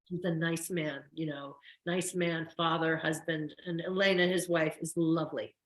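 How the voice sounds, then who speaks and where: Older actress guest, chatty and effusive, low-ish voice, roomy sound. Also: female voice, fairly even intonation, moderate pace. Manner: chatty, effusive, frequent restarts. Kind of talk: casual interview chat. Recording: roomy echo.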